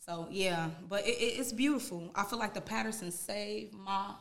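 A young woman from Gary, Indiana, a music artist guesting on a podcast, talking in an animated, outspoken and emotionally open way. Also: mid-range voice, moderate pace, gravelly. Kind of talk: casual podcast chat. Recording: echoey room.

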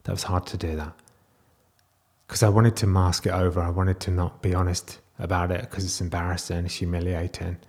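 A man speaking in a raw, confessional video diary, close to tears, halting and restarting as he talks. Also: low voice, level tone, darkish tone. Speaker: vlogger.

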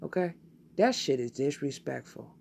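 A woman hosting her own podcast, delivering a blunt, profane, animated solo rant. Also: extremely low pitch, normal speed, gravelly, slight background noise. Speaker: podcast host.

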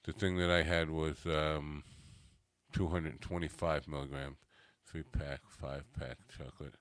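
A man's voice: rumbling low, fairly even intonation, unhurried, a bit bright, dry recording. A man hosting a casual chat show, rambling and self-mocking, easily distracted, coming down from a cannabis edible. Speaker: podcast host.

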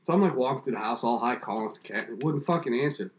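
A man in his thirties, a podcast co-host, telling stories excitedly in casual chat with swearing and laughter. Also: medium pitch, fast talker, echoey room.

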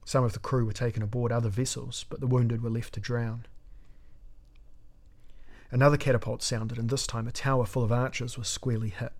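A man narrating a fantasy battle story in a measured, dramatic audiobook reading. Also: mid-range voice, little pitch movement, a little mellow.

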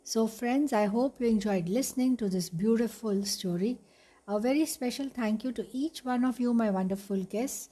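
A woman reading a children's storybook aloud as the podcast host, soothing and unhurried. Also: on the high side, warm tone, slightly rough.

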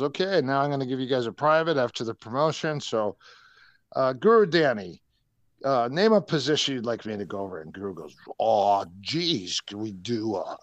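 A man's voice: mid-range voice, dry recording. An older man, a martial arts coach, telling rambling anecdotes with frequent restarts as a podcast guest. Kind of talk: casual podcast chat, storytelling.

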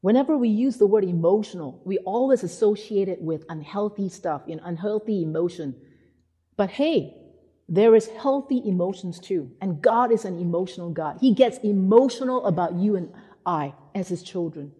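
A woman's voice: mid-range voice, moderate pace, breathy edge. A woman preacher giving a sermon, telling stories and acting out the people she quotes. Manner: animated storytelling, acting out quotes. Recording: hall reverb.

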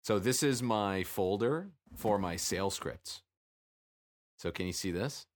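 Man, very low voice, reflective, halting, casual business chat, video call. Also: animated. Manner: reflective, halting, with frequent restarts. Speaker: business owner and podcast co-host.

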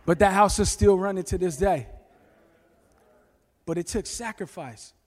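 Lively male preacher, storytelling sermon, high-ish voice in a reverberant room. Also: unhurried. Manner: animated storytelling, bursts of shouting. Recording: long reverb with faint music.

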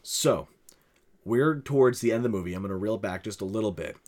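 A co-host of a casual movie podcast, retelling scenes with halting restarts. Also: low-pitched, animated, a little mellow. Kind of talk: casual chat about a movie.

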